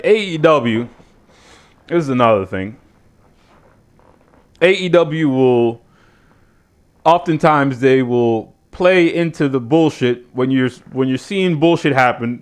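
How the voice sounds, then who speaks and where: A man's voice: medium pitch, clean tone. A man hosting a casual review show who rambles sardonically and swears freely. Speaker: show host reviewing wrestling. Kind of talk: casual profane rant.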